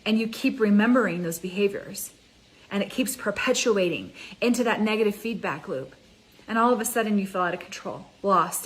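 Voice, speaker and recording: A woman life coach giving an energetic, conversational motivational talk, speaking straight to her viewers. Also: medium pitch, low-quality recording. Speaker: mind ascension coach.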